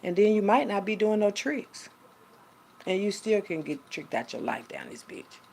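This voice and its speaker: A woman's voice: mid-range voice, expressive, moderate pace, gravelly, a little mellow, slight background noise. A woman talking casually and rambling to her viewers, reading aloud. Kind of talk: casual monologue.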